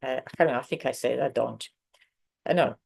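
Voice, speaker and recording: A woman's voice: a bass voice, fairly quick, creaky, a little mellow, husky. A woman teaching a beginners' online language lesson, explaining patiently with many ums and self-corrections. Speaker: Italian teacher.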